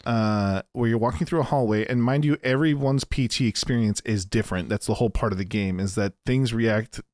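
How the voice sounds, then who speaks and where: Here a man with a lowish, slightly mellow voice co-hosts a podcast at a brisk pace, recorded in a clean studio with no room sound. The talk is casual and rambling, peppered with restarts, fillers and free swearing.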